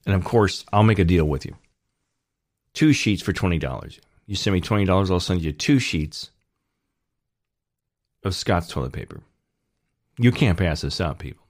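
A man hosting his own online channel in a loose, rambling monologue. His voice is very low, and the sound is dry and close with no room echo. He slips in sarcastic jokes and restarts his sentences often. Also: darkish tone. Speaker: channel host.

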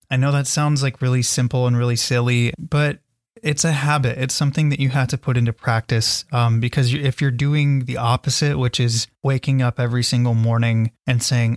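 A man's voice: mid-range voice, fairly even intonation, normal speed, dry recording, clean studio sound. A man hosting a solo self-help podcast, talking earnestly and encouragingly to his listeners. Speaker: podcast host.

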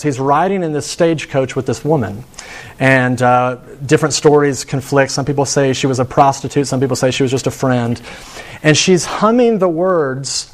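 A man preaching a sermon in an earnest storytelling manner, slowing down for emphasis and closing in prayer. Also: on the high side. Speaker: pastor.

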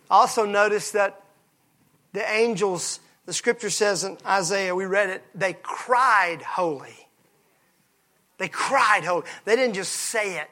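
A pastor preaching a passionate sermon, moving from hushed lines to shouts. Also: male voice, sits high, lively intonation, unhurried.

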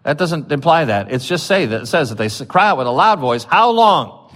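Chatty male preacher, mid-pitched voice. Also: lively intonation, fast, fairly bright tone. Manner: chatty, with many fillers and restarts, rising when reading scripture. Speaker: pastor. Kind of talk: conversational sermon.

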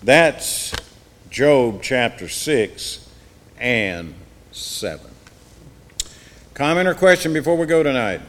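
A man's voice: mid-range voice, sing-song, slow, long pauses, a bit bright. A man leads an evening Bible class in an ordinary mid-range voice. He reads scripture aloud with growing emphasis, then explains it in plain teaching talk. His voice rings with a long reverb, as if recorded in a large hall.

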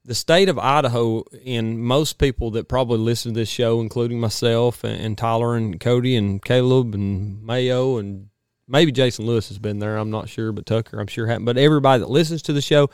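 A man, hosting a podcast in a home studio and chatting in an excitable, rambling way. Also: mid-range voice, a little fast, smooth, dry recording. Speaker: podcast host. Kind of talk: casual chat.

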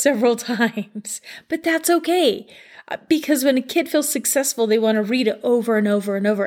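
Woman, middle-aged, podcast host, chatty, upbeat, emphatic, slightly high voice. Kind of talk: casual advice talk.

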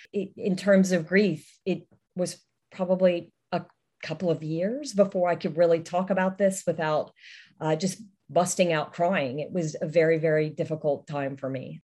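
A woman speaks slowly and reflectively as an interview guest. Her voice is low and mellow. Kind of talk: casual interview chat.

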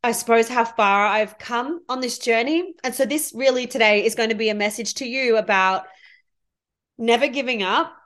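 A woman's voice: on the high side, moderate pace, a bit bright. A woman hosting her own podcast as a money mindset coach. She speaks in a heartfelt, effusive, spiritual coaching manner. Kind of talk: solo podcast monologue.

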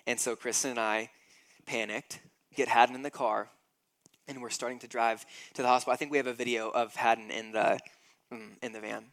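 A man's voice: mid-range voice, flat delivery, brisk, fairly bright tone. A man in his thirties preaching a sermon, emphatic and acting out scenes with growing intensity. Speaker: pastor.

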